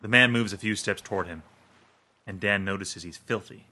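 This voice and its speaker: A man reading a horror story aloud in a steady, measured way. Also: fairly low pitch, slightly rough. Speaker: narrator. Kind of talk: scripted horror narration.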